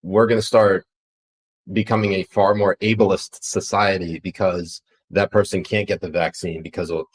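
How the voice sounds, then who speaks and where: Deep-voiced, profane podcast host. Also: male voice, level tone, normal speed, poor audio. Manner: blunt and profane, rambling with restarts. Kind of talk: casual political podcast chat.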